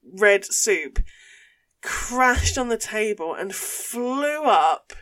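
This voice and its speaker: A young woman co-hosting a podcast, telling a story in casual chat with animated delivery and frequent swearing. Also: medium pitch, extremely slow. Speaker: podcast co-host.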